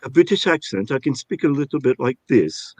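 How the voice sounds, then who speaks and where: A man with a Georgia accent talks in an easygoing, chatty way as an interview guest. His voice sits at an average pitch, and the recording is dry, with almost no room sound. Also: expressive, a little fast, darkish tone, dry recording. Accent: Georgia, US South. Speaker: voice actor guest. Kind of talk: casual interview talk.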